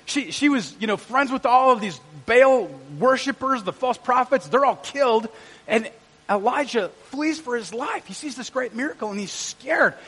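A middle-aged male pastor preaching a lively sermon in a church auditorium, quizzing and joking with the congregation. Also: extremely high pitch, moderate pace, breathy edge. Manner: energetic, jokey, quizzes the congregation. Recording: long church hall reverb.

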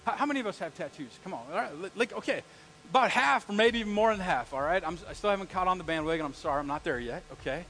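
High-voiced man preaching a sermon. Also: quick pace, poor audio. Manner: animated storytelling, asks the congregation questions. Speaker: pastor. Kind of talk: live sermon to a congregation.

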